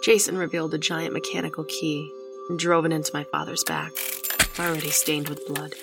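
A woman narrates a horror story in the first person, her reading tense and dramatic. Her voice is very low for a woman. Clear music runs underneath the narration. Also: flat delivery, a little fast. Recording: music behind the voice.

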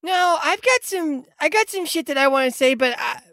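A woman's voice: high-pitched, animated, moderate pace, fairly bright tone, dry recording, clean studio sound. A woman voicing a brash young bar worker who swears casually, in a comedic tabletop game.

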